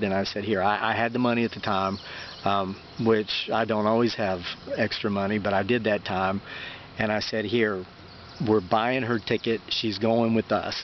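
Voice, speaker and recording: A man's voice: fairly low pitch, dull audio, slight background noise. A middle-aged man telling stories outdoors on his rural homestead in a folksy, rambling way, full of fillers and restarts. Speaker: homesteading vlogger. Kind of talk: casual storytelling monologue.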